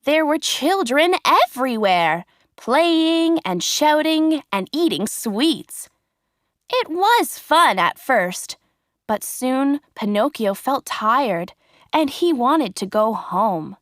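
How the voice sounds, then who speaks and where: A woman reading a children's storybook aloud, clear and expressive. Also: sits high, takes it slowly, no room sound, studio quality. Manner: clear, expressive, carefully paced. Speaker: storybook narrator. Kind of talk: slow storybook reading for learners.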